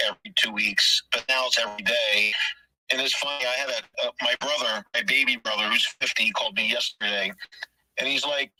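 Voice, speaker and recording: Bright-voiced chatty male caller. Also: mid-range voice, slightly rough, no echo, rough recording. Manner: chatty storyteller. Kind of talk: casual call-in question.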